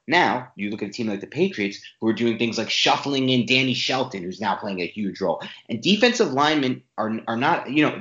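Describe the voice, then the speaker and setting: A man's voice: fairly low pitch, a bit bright. A man co-hosting a sports podcast, laying out an opinionated argument. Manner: opinionated, rapid argumentative breakdown. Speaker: podcast co-host. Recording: roomy, dull sound.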